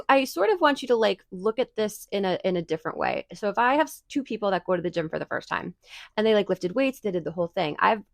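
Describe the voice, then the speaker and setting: A woman's voice: medium pitch, no room sound, clean studio sound. A woman podcast host giving advice in a chatty, casual monologue full of fillers and restarts.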